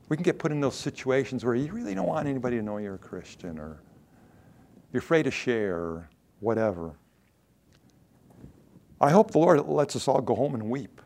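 A male pastor preaching a sermon, reading scripture aloud with dramatic quoted lines and dropping to a low, earnest voice. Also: expressive, moderate pace, darkish tone.

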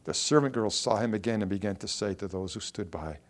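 A man preaching a sermon, reading scripture aloud and explaining it, with emphatic bursts and quiet asides. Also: on the low side, fairly quick. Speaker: pastor.

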